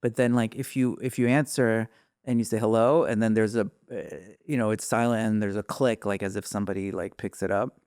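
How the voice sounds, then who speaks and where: A man's voice: lowish voice, fairly even intonation, fairly quick, a little mellow, smooth, dry recording, studio quality. A man as a podcast guest, chatting casually with his wife, rambling and hesitant, often restarting his sentences. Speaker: guest, host's husband. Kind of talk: casual chat.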